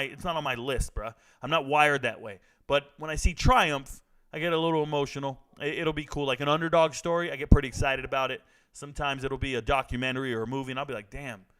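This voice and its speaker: Brash joking man with a clear voice. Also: on the high side, fairly bright tone, poor audio. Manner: brash, joking, talking straight to viewers. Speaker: sports and trends commentator. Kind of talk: casual commentary vlog.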